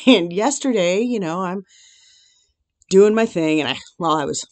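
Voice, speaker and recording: Woman, casual faith vlogger, somewhat low voice, dry sound, quick to laugh at herself. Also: lively intonation, darkish tone, dry recording. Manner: chatty and self-deprecating, laughing often; reflective, grateful. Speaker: Christian vlogger. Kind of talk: casual daily devotional vlog.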